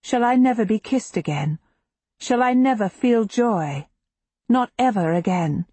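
A woman narrating a historical novel in the first person, in a measured, intimate and emotionally expressive reading. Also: a little high, slightly rough, dry recording. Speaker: audiobook narrator.

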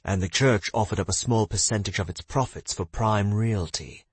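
Blunt lecturing guild fighter, read by a man; low, husky, close and dry. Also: normal speed, no echo. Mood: stern. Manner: stern, lecturing.

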